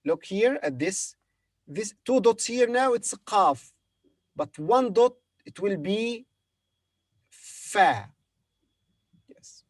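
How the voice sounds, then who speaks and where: Slow, patient man teaching letter by letter. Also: high-pitched, expressive, dry recording. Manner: spells words letter by letter and repeats each word slowly. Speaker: Arabic teacher. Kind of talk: beginner language lesson.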